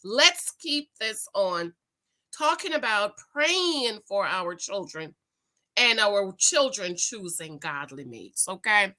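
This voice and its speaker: A woman's voice: very animated, slow, sharp tone. A middle-aged woman chatting casually with viewers, reading a news item aloud and telling a personal story, acting out the voices in it. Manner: chatty storyteller, acts out exchanges with rising pitch. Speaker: commentary vlogger.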